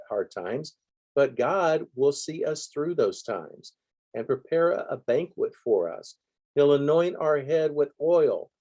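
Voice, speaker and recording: A man's voice: medium pitch, dark tone. A middle-aged man teaching a sermon in an earnest, rhythmic way, coming back again and again to a repeated refrain. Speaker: preacher.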